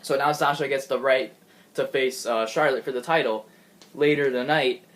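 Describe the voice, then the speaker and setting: A man with a medium-pitched, steady, slightly bright voice speaks at a moderate pace. He gives a chatty, rambling recap of a wrestling show, giggling often and restarting his sentences.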